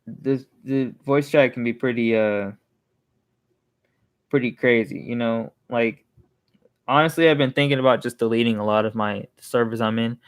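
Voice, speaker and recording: A man's voice: medium pitch, moderate pace. A young man venting in a casual, rambling monologue, heated and swearing freely, often restarting his sentences. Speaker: vlogger.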